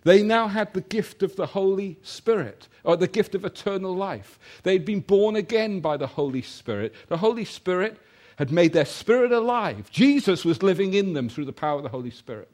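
A man preaching a sermon, telling a personal story and then reading scripture, slowing down to stress key points. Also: sits high. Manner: animated storytelling, slows for emphasis.

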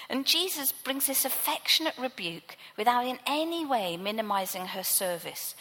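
A woman's voice: high-pitched, expressive, normal speed, few pauses, bright, forceful tone, in a large hall, slight background noise, poor audio. A woman preacher giving a sermon, teaching from the Bible in a conversational way.

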